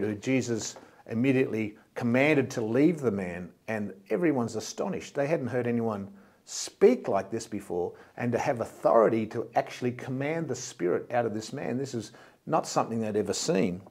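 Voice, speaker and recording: A man's voice: mid-range voice, animated, normal speed, a little mellow, breathy edge. A man from Australia, a pastor, preaching a sermon in a plain, explanatory way and often repeating words as he goes.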